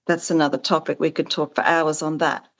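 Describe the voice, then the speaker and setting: Deep-voiced and brisk with a flat delivery, a woman discusses founding her farming support business in a conversational interview. Still, she comes across as earnest and animated, her voice springing higher when she acts out quoted dialogue.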